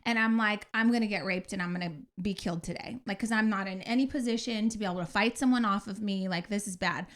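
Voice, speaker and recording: A woman in her forties, a podcast co-host, telling a story in casual chat, animated and acting out her own outbursts with swearing. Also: mid-range voice, quick pace, hardly any pauses. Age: 40s.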